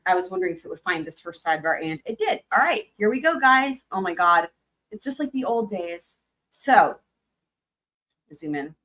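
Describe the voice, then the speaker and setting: A young woman with a medium-pitched, fairly bright voice hosts a live stream, chatting casually and giggling as she talks herself through setting up. The audio quality is poor.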